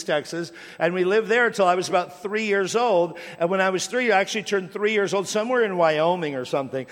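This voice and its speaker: A middle-aged American man preaching a sermon, telling stories from his life in a conversational way and repeating place names. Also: high voice. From United States. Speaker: pastor. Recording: long hall reverb.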